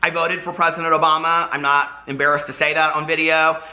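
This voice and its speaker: A man with a slightly high, very bright and sharp voice speaks to camera in an apology monologue. He talks in a halting, earnest way and fills his pauses often. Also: flat delivery, muffled recording. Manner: halting and earnest, with many fillers. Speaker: vlogger explaining old posts.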